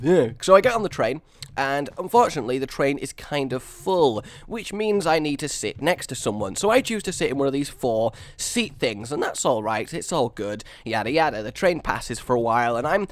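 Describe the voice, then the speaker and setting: Excitable man rambling through a game story. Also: medium pitch, a little fast, dry recording. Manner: excitable, rambling, self-mocking. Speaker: gaming video host. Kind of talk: storytelling while building in a game.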